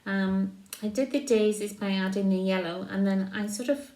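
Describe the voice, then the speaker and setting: A woman demonstrating a card-making craft, talking slowly while she paints and trailing off softly. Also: mid-range voice, fairly even intonation. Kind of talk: crafting tutorial. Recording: roomy echo.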